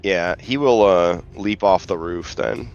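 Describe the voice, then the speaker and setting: A man narrating as game master in a casual online tabletop session, relaxed and hesitant with many fillers. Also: low voice, slow, dull audio, soft background music.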